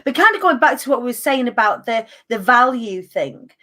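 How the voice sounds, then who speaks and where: A woman in her thirties hosts a relaxed conversation with a noticeably high voice. She talks in a quick, chatty flow and acts out what other people said to her. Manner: chatty, animated storyteller acting out quotes. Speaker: podcast host. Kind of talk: casual chat.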